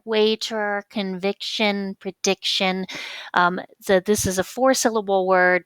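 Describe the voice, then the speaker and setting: A woman teacher giving a casual lecture on poetry, stretching example words out slowly and patiently. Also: medium pitch, fairly bright tone, clear, resonant tone, no room sound.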